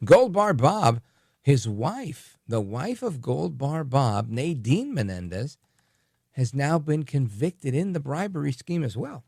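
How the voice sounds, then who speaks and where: A man's voice: mid-range voice, vocal fry, dark tone, breathy edge, no echo, studio quality. A man hosting a talk radio show, delivering a rambling, chatty monologue full of asides and fillers.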